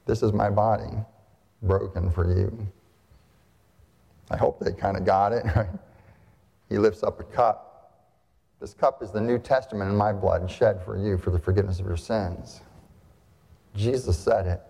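A man's voice: on the low side, fairly even intonation, unhurried, vocal fry, pauses often, dark tone, breathy edge. Male pastor preaching in a reverberant church. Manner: conversational, asks rhetorical questions, frequent "right?". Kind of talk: sermon. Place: church sanctuary. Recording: long reverb of a church hall.

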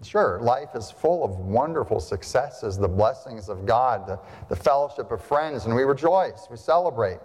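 A man's voice: medium pitch, lively intonation, moderate pace, few pauses, darkish tone. A male pastor delivering a sermon to his congregation, emphatic, with rhetorical questions and repeated phrases. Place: church sanctuary. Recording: long hall reverb.

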